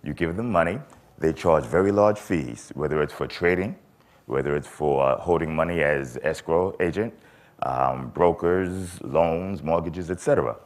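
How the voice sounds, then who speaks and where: A man with an extremely deep, low voice speaks from a convention stage. He tells a story in an animated way, acting out the voices of the people in it. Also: moderate pace. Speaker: conference speaker. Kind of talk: storytelling talk.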